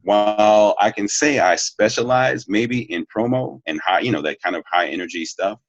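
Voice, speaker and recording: A man's voice: fairly low pitch, normal speed, no room sound, dull audio. A man who works as a voiceover actor, talking candidly and easygoing as an interview guest, laughing now and then. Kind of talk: casual interview talk.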